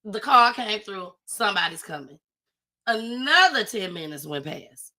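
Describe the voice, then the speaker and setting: A woman's voice: mid-range voice, very animated, a little slow, sharp tone. A woman, telling a story in a casual live-stream chat and acting out her own panicked cries. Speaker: storyteller guest.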